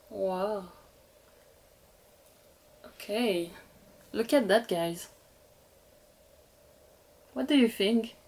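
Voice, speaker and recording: Slow, giggly woman with French accent. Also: mid-range voice, animated, dark tone. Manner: gushing, giggly, talks to viewers. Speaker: doll collector vlogger. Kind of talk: casual unboxing chat.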